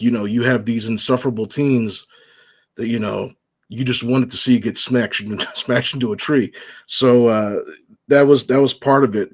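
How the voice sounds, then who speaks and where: Male interview guest, lowish voice, laid-back and rambling. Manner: easygoing, rambling, many fillers. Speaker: guest, horror recap creator. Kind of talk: casual chat.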